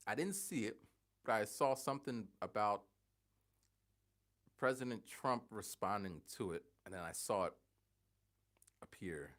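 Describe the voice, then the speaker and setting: A man in his forties chatting casually on a livestream, rambling and halting, thinking aloud with many restarts. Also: fairly low pitch, animated, a bit bright. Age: 40s.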